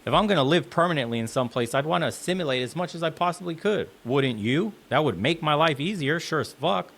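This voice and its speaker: A man's voice: on the high side, animated, a little fast, gravelly, fairly bright tone. A man in a clip played from another video, delivering a blunt, heated, profane opinion rant. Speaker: commentator in a reacted video.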